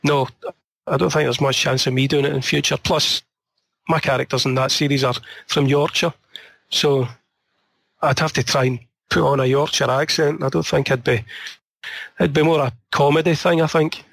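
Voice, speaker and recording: A man's voice: on the high side, steady tone, moderate pace, creaky, fairly bright tone, slightly rough, dry recording. A man with a Glasgow accent, an author chatting in an interview, rambling and telling stories, his voice tiring and slightly strained. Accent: Scottish, Glasgow. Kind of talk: casual conversation.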